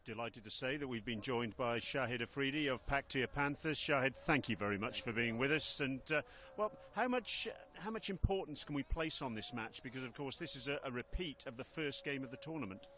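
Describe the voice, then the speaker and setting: A man reading a scripted cricket preview and then interviewing a player, in a polished, measured way. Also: mid-range voice, expressive, sharp tone. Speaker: broadcast presenter and interviewer.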